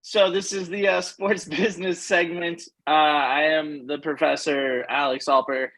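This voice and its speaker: A man's voice: fairly high pitch, steady tone, unhurried, a bit bright, low-quality recording. A man hosting a sports-business segment on a podcast, explaining it in a loose, emphatic way.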